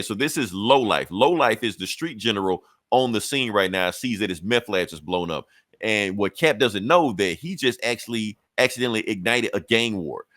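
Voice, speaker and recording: A man casually recapping a comic story on a podcast, swearing freely and acting out the characters' lines in quick bursts. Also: on the low side, fairly bright tone, no room sound. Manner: loose, profane storytelling with quick acted-out quotes. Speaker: comic book podcast host.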